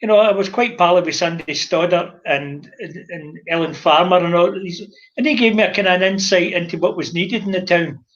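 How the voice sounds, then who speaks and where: An older Scottish man, a former publican, telling lively stories in casual chat and acting out the dialogue. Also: sits high, a little fast, highs cut off. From Scotland. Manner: animated anecdotal storyteller, acts out dialogue.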